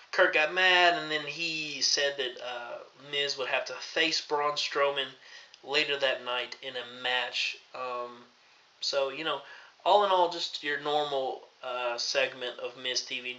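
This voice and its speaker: A man from Tennessee hosting a casual review vlog, rambling with many pauses and restarts. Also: medium pitch, bright, forceful tone. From Tennessee, USA. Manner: rambling, lots of ums and restarts. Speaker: host. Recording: dull lo-fi recording.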